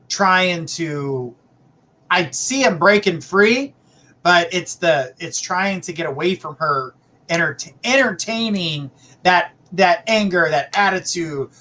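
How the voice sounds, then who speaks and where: Bright-voiced male psychic host. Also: fairly high pitch. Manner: blunt, emphatic advice with repeated phrases. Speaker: psychic reader, show host. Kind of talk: live-stream psychic reading.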